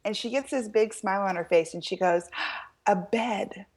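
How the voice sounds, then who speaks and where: Lively American woman telling a story. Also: mid-range voice, normal speed, slightly rough. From United States. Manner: lively, quotes people in animated voices, laughs often. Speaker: author guest. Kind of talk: storytelling in a talk-show interview.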